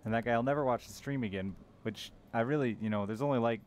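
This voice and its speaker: A man's voice: medium pitch, fast, a little mellow, slight background noise. A man streaming a game live, chatting casually with viewers in a sardonic, teasing way and swearing freely. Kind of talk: casual gaming stream chat.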